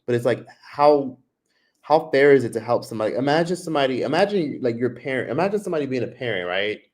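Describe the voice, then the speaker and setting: A man's voice: mid-range voice, animated, fast, a little mellow. A man hosting a livestream, ranting casually and profanely straight to his viewers. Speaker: livestream host.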